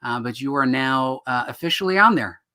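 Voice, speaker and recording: A man co-hosting a relaxed live show about writing comics. His voice sits in a middle pitch. He talks loosely and jokily, full of ums and restarts. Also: brisk. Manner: jokey, rambling, lots of fillers. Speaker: co-host. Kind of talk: casual live-stream chat.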